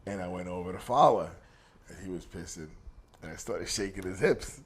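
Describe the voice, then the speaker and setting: A deep-voiced middle-aged pro wrestler, speaking at a normal pace, tells a crude story from the road as an interview guest. It's a casual anecdote, and he swears constantly and laughs his way through it.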